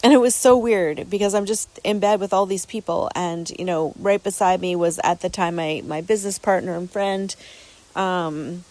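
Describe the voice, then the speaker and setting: A woman's voice: lowish voice, normal speed, a little mellow, dry recording, rough recording. A woman hosting a podcast, telling a personal story casually in an earnest, rambling way, with many repeated words and restarts. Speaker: podcast host.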